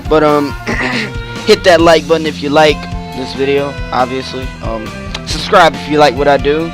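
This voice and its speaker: A man's voice: fairly high pitch, fairly even intonation, normal speed. A man casually commenting while he plays a video game, joking and teasing his friend. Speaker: let's play host. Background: video game music.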